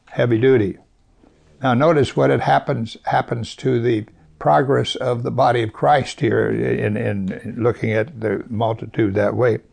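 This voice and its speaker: A man's voice: medium pitch, creaky. A man preaching a sermon, reading verses aloud and explaining them in a conversational way, with rhetorical questions and light chuckles.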